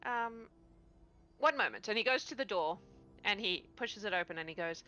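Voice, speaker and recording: Bright-voiced woman running a tabletop game. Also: medium pitch, moderate pace, dull audio, faint music behind. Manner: animated, voices NPCs between narration. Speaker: game master.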